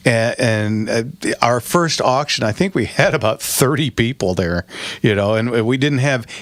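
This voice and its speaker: A man's voice: mid-range voice, lively intonation, normal speed, fairly bright tone, dry recording. A middle-aged man hosting a radio talk show, rambling and chatty, laughing often. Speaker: radio show host and auction owner.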